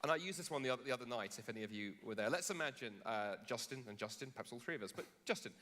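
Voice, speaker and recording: A man, a Christian philosopher, debating in front of a live audience; jet lagged, he tells jokey, animated stories full of restarts. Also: mid-range voice, very fast. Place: large conference hall on stage. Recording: long hall reverb.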